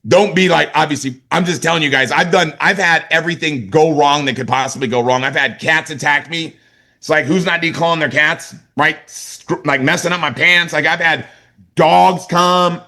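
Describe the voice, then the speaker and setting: A man giving an energetic motivational sales training, talking conversationally and often checking that his listeners follow him. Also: on the high side, moderate pace. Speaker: network marketing sales trainer.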